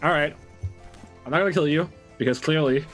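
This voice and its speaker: A man's voice: fairly high pitch, fairly quick, a bit bright, soft background music. A man playing a tabletop game, describing his character's moves in a joking, playful way. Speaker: player. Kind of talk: casual tabletop play.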